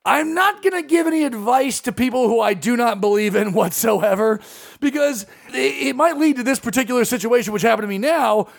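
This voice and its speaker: A man's voice: very high voice, lively intonation, a little fast, vocal fry. A man hosting a casual podcast, joking animatedly and laughing often. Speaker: podcast host and stand-up comedian.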